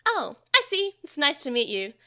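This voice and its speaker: A woman voicing a cheerful, innocent little boy who chatters eagerly and excitedly. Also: high voice, normal speed, pitched above the performer's own voice, heavily acted.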